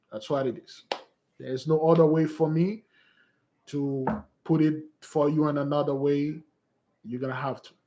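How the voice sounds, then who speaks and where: Exhorting man preaching casually to followers. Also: on the high side. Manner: exhorting, calls listeners beloved. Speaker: spiritual fasting leader.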